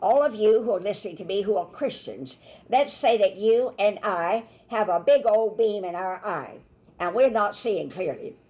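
A woman minister teaching a Bible lesson in a sermon, telling stories and acting out the voices of people she quotes. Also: medium pitch. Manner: animated storytelling, acts out quoted voices.

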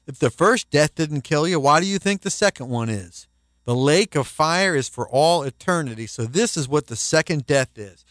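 A man preaching a sermon as a pastor, emphatic and rising in pitch when quoting scripture. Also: fairly bright tone, no room sound.

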